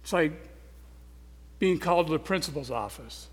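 A man's high, slightly breathy voice carries an intense, earnest sermon at a moderate pace. He is expressive, alternating forceful loud stresses with soft, quiet asides, all ringing with a large hall's long reverb.

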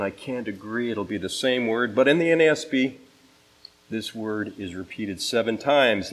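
A man's voice: mid-range voice, poor audio. A man preaching an expository sermon, teaching like a teacher and stressing key words with emphatic inflection as he reads scripture aloud. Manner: teacherly, gives listening assignments. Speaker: pastor.

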